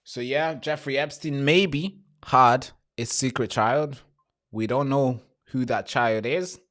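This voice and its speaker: Male live-stream host, mid-pitched, blunt and profane, off-the-cuff commentary full of repeats and restarts. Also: slow, fairly bright tone. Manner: blunt, swears freely, talks straight to viewers; repeats himself and restarts phrases.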